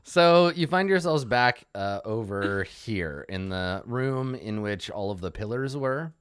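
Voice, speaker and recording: A man's voice: fairly low pitch, lively intonation, unhurried, smooth, dry recording, clean studio sound. A man running a tabletop game as game master, narrating with many hesitant fillers.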